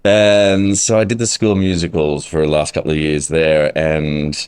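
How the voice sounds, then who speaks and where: Australian man, very deep voice, chatty storyteller, dry sound. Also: level tone, moderate pace, a little mellow, smooth, no echo. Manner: chatty, self-deprecating storytelling with many ums. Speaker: guest, musical theatre actor. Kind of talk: casual interview chat.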